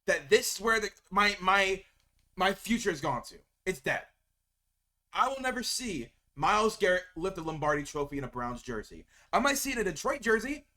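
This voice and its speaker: A man vents to camera about his team in a heated fan rant, often stumbling over and repeating his words. His voice sits high and swings widely in pitch. The tone is bright and sharp. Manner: heated, venting, repeats words when upset. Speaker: sports video creator.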